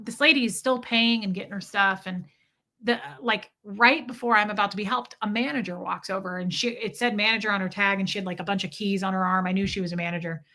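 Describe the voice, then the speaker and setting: A woman's voice: mid-range voice, bright, forceful tone. A woman hosting a casual podcast, telling a story with indignation, swearing freely and addressing her listeners. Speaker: podcast host.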